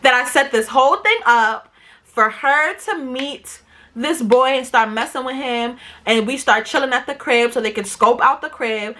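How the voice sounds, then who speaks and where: A woman's voice: high voice, moderate pace, sharp tone. A young woman telling a storytime vlog in a casual, slangy, emphatic way, acting out quotes and swearing for emphasis. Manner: profane, emphatic asides. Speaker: vlogger.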